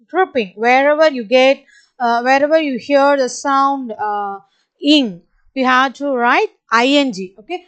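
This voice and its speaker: Slow, patient Indian English teacher woman. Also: high-pitched, smooth. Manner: slow, spells words letter by letter and repeats them; kind, patient, addresses kids directly. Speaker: primary school teacher. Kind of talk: online spelling lesson for children.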